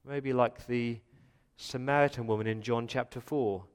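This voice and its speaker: A middle-aged Australian man preaching a sermon as pastor in a church, moving from quiet reflection to loud, impassioned pleading. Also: medium pitch, fairly even intonation, normal speed, clear, resonant tone.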